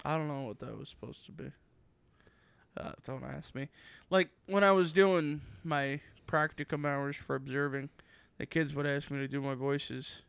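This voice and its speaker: A young man chats on a gaming podcast in a bright, crisp voice pitched a little high. He talks animatedly, swears freely and now and then slides into put-on voices. The room sound is dry and close. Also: fairly even intonation, moderate pace. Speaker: podcast co-host. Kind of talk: casual chat.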